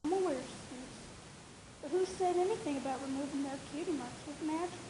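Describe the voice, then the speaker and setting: A woman voicing Apple Bloom, a scheming young farm filly pony, speaking in a high, commanding voice for a fan story reading. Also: a little fast, close to an everyday voice. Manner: high girlish voice, commanding and sinister. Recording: distant echoey noisy home recording.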